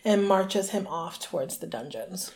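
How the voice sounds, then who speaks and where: A woman co-hosting a podcast, retelling a book chapter in casual chat and acting out the characters' lines in quick put-on voices. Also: medium pitch, animated, darkish tone. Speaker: podcast co-host.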